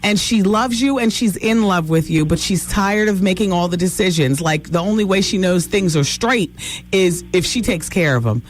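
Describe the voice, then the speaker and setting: A woman's voice: lowish voice, animated, normal speed, a little hiss or hum. A woman hosting a call-in radio advice show, talking to callers in a direct, blunt way. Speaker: radio talk show host.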